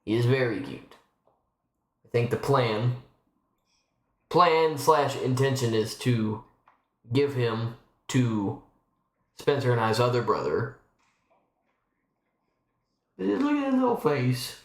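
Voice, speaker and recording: A man's voice: mid-range voice, takes it slowly, pauses often, echoey room. A man live-streaming from home, chatting in a rambling, casual way with lots of restarts. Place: home room.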